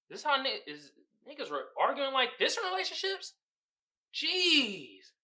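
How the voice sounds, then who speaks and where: A man's voice: very high-pitched, wildly swooping pitch, a little slow, bright, forceful tone, rough recording. A young man from the Bay Area hosting a podcast, ranting about a movie in slangy, profane casual talk and laughing often. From San Francisco Bay Area. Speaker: podcast host. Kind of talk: casual movie-review rant.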